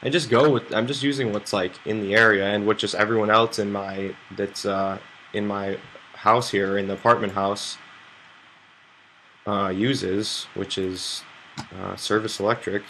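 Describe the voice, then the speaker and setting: A young American man talking casually on a poker stream, rambling and swearing as he reads chat. His voice sits fairly low but has a bright, forceful edge. A faint hum of room noise stays underneath. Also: steady tone, measured pace. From United States. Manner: rambling, loose and chatty, swears freely.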